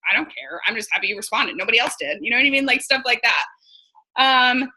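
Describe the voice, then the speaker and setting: A woman's voice: a little high, animated, fast, sharp tone, breathy edge, rough recording. A woman in her thirties from New York, a sales team leader coaching her team in casual, blunt talk and acting out conversations. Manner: chatty, blunt, acts out quoted dialogue.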